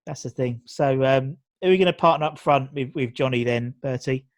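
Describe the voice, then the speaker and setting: A man's voice: medium pitch, a little fast, no room sound. A man hosting a casual interview over a video call, easygoing and asking encouraging questions. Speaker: podcast host.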